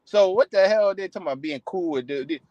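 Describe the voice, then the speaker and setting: At a quick pace, a street preacher whose voice sits high but has a darkish tone preaches in a casual, heated way. He swears frequently and restarts many sentences. The sound is dry and lo-fi.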